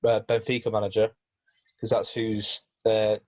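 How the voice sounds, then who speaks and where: A man's voice: on the low side, monotone, moderate pace, darkish tone. A man co-hosting a casual football podcast, hesitant with many fillers and restarts. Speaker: podcast host.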